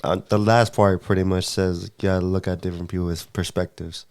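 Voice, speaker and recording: A man's voice: sits low, flat delivery, brisk, a little mellow, clear, resonant tone. A man co-hosting a casual podcast, hesitant, with many restarts and fillers. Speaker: podcast co-host. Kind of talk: casual chat.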